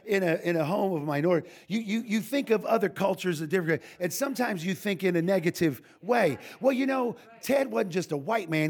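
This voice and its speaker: A man's voice: sits high, animated, fairly quick, hardly any pauses. An older man, a pastor, giving an informal sermon full of humorous stories, folksy and joking, with frequent restarts.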